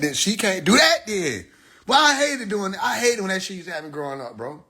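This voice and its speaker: Husky-voiced man ranting on a phone livestream. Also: on the high side, fast. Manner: animated storytelling, acts out quoted people, laughs. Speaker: live stream host. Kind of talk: casual livestream monologue.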